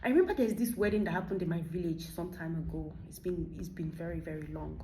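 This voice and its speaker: A Nigerian woman vlogger in her thirties delivers an emphatic motivational monologue, firing off rhetorical questions. Her lowish, dark voice moves fast with few pauses, in an echoey room with a little hiss or hum.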